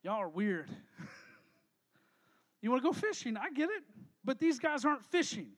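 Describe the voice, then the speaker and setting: A man with a strikingly high voice preaches a casual sermon. He keeps it light and playful, throwing questions out to his listeners and teasing them. His delivery is lively and conversational. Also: moderate pace. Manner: energetic, joking, talks to the crowd with questions. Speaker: pastor. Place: church hall with a live audience.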